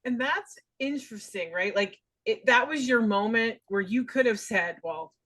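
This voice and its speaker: A woman hosting a podcast interview, asking soft, encouraging follow-up questions. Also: a little high, lively intonation, moderate pace, rough recording. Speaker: podcast host.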